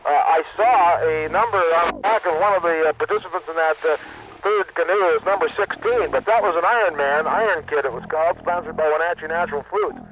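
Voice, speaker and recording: A man's voice: a little high, brisk, a bit bright. A man reports a canoe race live from the water, rambling and full of fillers. His voice comes through a muffled, dull radio link with faint noise behind.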